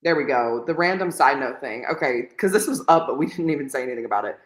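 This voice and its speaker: A woman's voice: a bass voice, animated, quick pace. Chatty woman on an echoey call. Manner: chatty, rambling, quotes people in voices. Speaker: podcast co-host. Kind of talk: casual livestream chat. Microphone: video call. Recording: echoey room on a laggy video call.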